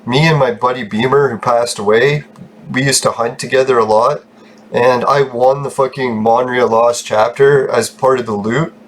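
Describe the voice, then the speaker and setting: A man chats casually as he hosts his own gaming channel, rambling and swearing freely with frequent laughs. His voice sits at an ordinary middle pitch. A faint hiss runs under the recording. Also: fairly even intonation, normal speed. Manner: chatty, swears a lot, laughs often. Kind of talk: casual gameplay commentary.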